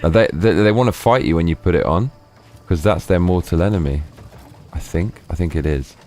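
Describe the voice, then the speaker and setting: A man's voice: low-pitched, fairly quick, darkish tone. A man streaming a game live, talking casually and muttering in exasperation as he plays. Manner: muttering, exasperated while playing.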